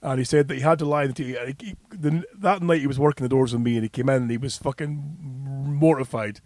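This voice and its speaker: A man's voice: medium pitch, fast, a little mellow, dry recording. A man co-hosting a podcast, telling a crude story full of swearing and laughter, and acting out the voices of the people in it. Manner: profane, laughing, acts out quoted voices. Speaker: podcast co-host.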